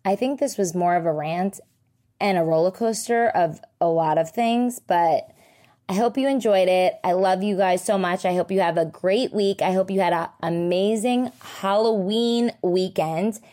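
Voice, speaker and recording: A young woman hosting a casual solo podcast, telling stories in a chatty, animated way and swearing freely. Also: mid-range voice, moderate pace. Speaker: podcast host.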